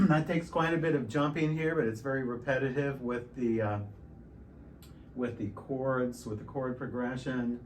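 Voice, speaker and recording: A middle-aged man teaching piano in a relaxed, explanatory way, stopping and restarting often. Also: medium pitch, unhurried, slight background noise. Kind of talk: casual piano tutorial. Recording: piano loud in the background.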